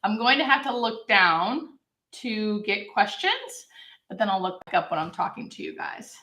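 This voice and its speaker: A woman's voice: medium pitch, animated, normal speed, sharp tone, reverberant. A woman from Southern California, a hospice nurse, chatting upbeat on a live-stream Q&A and answering viewers' questions. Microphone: camera mic.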